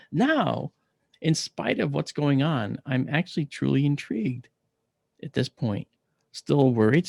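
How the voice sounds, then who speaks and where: A man giving a talk, telling a personal story with slides and acting out his own shouted replies. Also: mid-range voice, gravelly, no echo, studio quality. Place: lecture event.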